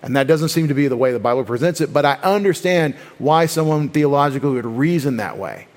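A man's voice: a little high, lively intonation, a little fast. A man preaching an evening teaching sermon, explaining doctrine in an earnest, conversational way with frequent restarts. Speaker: pastor.

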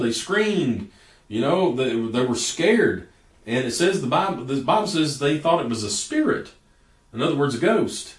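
A man's voice: medium pitch, fairly bright tone. A man preaching a sermon in a folksy storytelling way, stretching out words for emphasis. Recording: echoey room from a distance.

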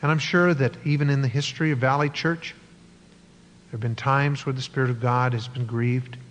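A man's voice: medium pitch, steady tone, moderate pace, lo-fi sound, slight background noise. Earnest male preacher in a reverberant hall. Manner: earnest preaching with stretched key words and a long listed series. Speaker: pastor. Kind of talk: sermon with closing prayer. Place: church sanctuary.

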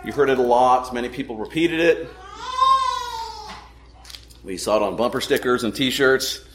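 A man preaching a sermon as pastor, praying and reading scripture in a solemn, measured way, slowing for emphasis. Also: mid-range voice, roomy sound, background noise.

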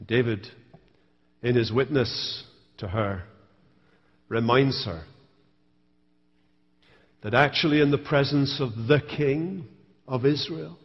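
A man's voice: medium pitch, in a large hall, lo-fi sound. A man preaching a sermon as pastor, telling stories with wry humor. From Scotland. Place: church sanctuary.

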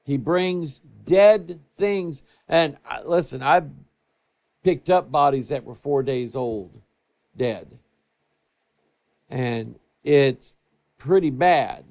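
A man pastor preaching a sermon for a TV broadcast, telling stories and moving between hushed and raised passages. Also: a little high, extremely slow, long pauses. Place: church TV broadcast.

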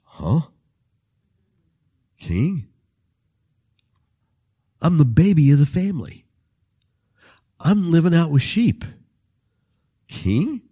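A man acting out a young shepherd boy in a sermon, excited and boyish, his voice jumping high. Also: extremely slow, long pauses, breathy edge, heavily acted. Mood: bewildered. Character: young male shepherd David, eager boy. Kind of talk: dramatized sermon storytelling.

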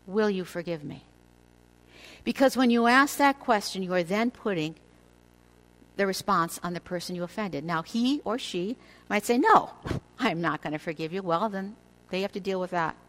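An older woman delivers a devotional teaching to a women's audience. Her voice sits at a middle pitch, and her delivery is measured and earnest. She slows down on key words for emphasis. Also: expressive, a bit bright, low-quality recording.

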